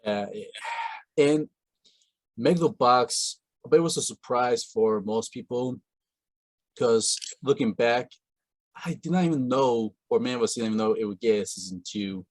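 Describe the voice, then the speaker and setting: A man's voice: medium pitch, normal speed, no room sound. A man hosting a casual interview, talking in long rambling stretches with many fillers and restarts. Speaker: podcast host.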